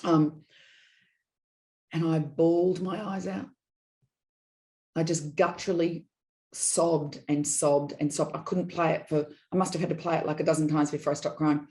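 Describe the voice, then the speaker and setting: A middle-aged woman, a podcast guest, telling personal stories in an animated, digressive way and acting out quoted dialogue. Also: sits low, normal speed, long pauses. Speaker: guest, business consultant. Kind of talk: candid personal storytelling in a podcast interview.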